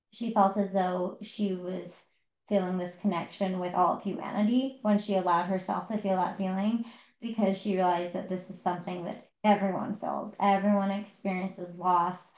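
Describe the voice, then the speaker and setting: Podcast co-host, woman, mid-pitch, talks through a book story with lots of fillers. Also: a little mellow, roomy sound, low-quality recording. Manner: retelling a story with many fillers. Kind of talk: casual book discussion.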